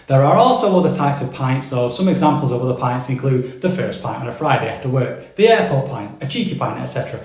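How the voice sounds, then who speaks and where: A man's voice: medium pitch, lively intonation, quick pace, hardly any pauses, darkish tone. A British man presenting a scripted explainer vlog, with upbeat, playful explaining. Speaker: crypto ambassador giving a culture guide. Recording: roomy echo.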